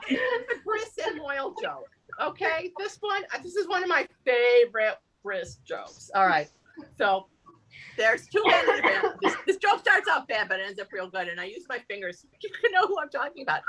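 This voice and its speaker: A woman telling jokes to a live audience at a community evening, animated, laughing at her own punchlines and shifting her voice for each character. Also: sits high, normal speed, slight background noise, low-quality recording. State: tired. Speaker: amateur comedian at a community event.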